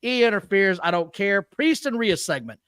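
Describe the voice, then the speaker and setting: A man's voice: sits high, animated, moderate pace, fairly bright tone, clear, resonant tone, dry recording, clean studio sound. A man co-hosting a wrestling review podcast in casual chat, ranting bluntly and with exasperation. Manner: blunt, exasperated rants with profanity.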